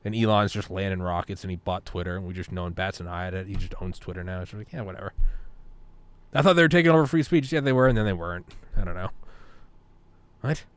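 A man's voice: deep voice, fast, smooth. A man in casual podcast chat, rambling, swearing and philosophizing as he talks. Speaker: podcast talker.

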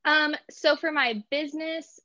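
A woman's voice: high-pitched, fairly even intonation, a little slow, bright, forceful tone, dry recording, highs cut off. A young woman, an artist and small business owner, chatting casually as an interview guest, laughing often and filling with "like" and "you know".

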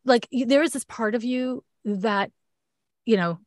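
A woman's voice: fairly high pitch, measured pace, no room sound, clean studio sound. A woman with a Canadian accent giving a frank, chatty astrology reading in a casual one-on-one talk. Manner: chatty, frank, laughs often.

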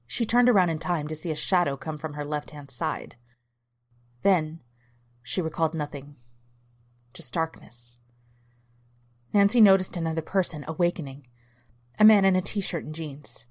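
A woman narrating a scripted horror story for a storytelling podcast in a steady manner. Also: low voice, moderate pace.

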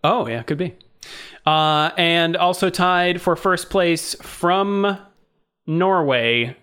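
Jokey higher-voiced man co-hosting a podcast. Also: slow pace, a bit bright, clean tone. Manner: jokey, reads out race listings and fumbles names. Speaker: podcast co-host. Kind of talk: casual chat.

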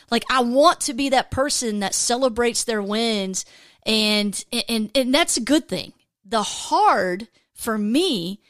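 A woman with a fairly high voice gives a casual devotional Bible teaching. She talks in a candid, chatty, self-deprecating way, with plenty of fillers and restarts. The recording sounds dry and close. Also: a bit bright, no echo.

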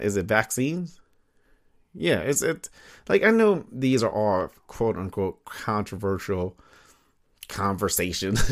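Rambling, laughing man hosting a podcast. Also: lowish voice. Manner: rambling, laughs often, heavy fillers and swearing. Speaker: podcast host. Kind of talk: casual solo podcast chat. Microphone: studio microphone.

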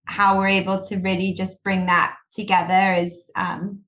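A woman's voice: medium pitch, little pitch movement, unhurried, fairly bright tone. A young woman speaking in an interview, talking in long rambling sentences about her design partner. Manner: rambling, full of fillers and restarts. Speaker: designer, guest. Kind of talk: casual interview chat.

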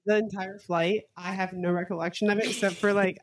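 A young woman co-hosts a podcast, sharing candid, crude stories in easy chat. Her voice sits at an ordinary middle pitch, neither high nor low. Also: level tone, a little fast. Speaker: podcast co-host. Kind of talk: casual chat.

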